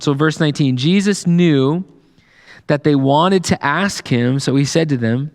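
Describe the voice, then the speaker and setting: A man's voice: on the high side, a little slow. Passionate preaching man in a reverberant hall. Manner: casual preaching with fillers, building to emphatic passion. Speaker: pastor. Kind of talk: sermon. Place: church sanctuary.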